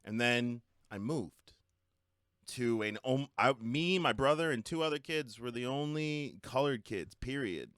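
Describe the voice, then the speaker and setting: A man co-hosting a casual podcast chat, animated and swearing, shifting his way of speaking when he gets worked up. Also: medium pitch, a little slow, no room sound, clean studio sound. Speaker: podcast co-host.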